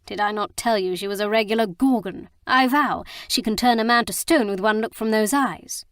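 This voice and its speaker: A woman's voice: medium pitch, moderate pace, no room sound, studio quality, close to an everyday voice. Woman voicing a mocking tipsy lord. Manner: teasing and boisterous. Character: jovial, mocking aristocratic man, tipsy half-brother.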